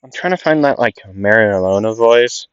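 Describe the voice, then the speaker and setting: A man's voice: fairly low pitch, lively intonation, moderate pace, clean tone, no echo, highs cut off. A young man rambling through casual anime commentary, laughing at himself and swearing offhand. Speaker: anime content creator.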